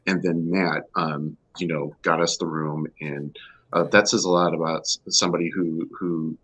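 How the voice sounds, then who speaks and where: A man's voice: rumbling low, level tone, moderate pace, a bit bright, husky, low-quality recording. A man, a podcast guest, chatting casually and rambling with many fillers. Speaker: guest player.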